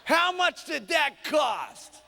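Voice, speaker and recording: Man doing a crude grumpy husband, shouting, mocking, high gravelly voice, live hall reverb. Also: sing-song, slow pace, heavily acted. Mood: outraged. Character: loud, crude, grumpy husband, beer-drinking mechanic.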